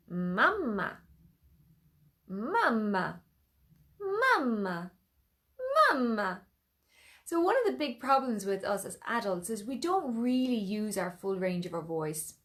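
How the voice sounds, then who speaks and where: An Irish woman teaching singing, leading vocal warm-ups and encouraging learners to copy her sounds in a playful way. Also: mid-range voice. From Ireland.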